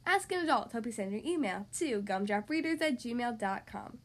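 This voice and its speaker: Expressive woman reading a children's story. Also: fairly high pitch, a little fast. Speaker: podcast host reading aloud. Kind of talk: children's story read-aloud.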